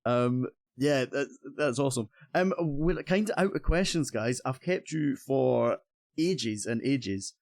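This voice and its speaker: A man's voice: mid-range voice, expressive, a little slow, a little mellow, dry recording, clean studio sound. Cheerful Scottish man hosting a stream. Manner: chatty, cheerful, stumbling restarts. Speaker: streamer host. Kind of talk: casual stream chat.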